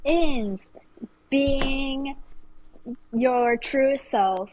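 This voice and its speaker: A woman guest in a relaxed podcast chat who speaks very slowly, with a slightly high voice. Her answers are brief and halting, with pauses and fillers between them. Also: low-quality recording. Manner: brief, slow, hesitant answers. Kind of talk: casual chat.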